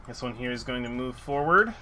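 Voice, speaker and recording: A man's voice: medium pitch, animated, brisk, sharp tone, slight background noise. A man narrating a live tabletop game as dungeon master, rambling with many fillers and restarts.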